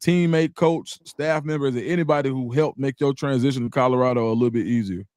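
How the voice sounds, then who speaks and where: A man's voice: mid-range voice, quick pace, a little mellow. A man hosting the interview and asking long, friendly questions. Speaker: host.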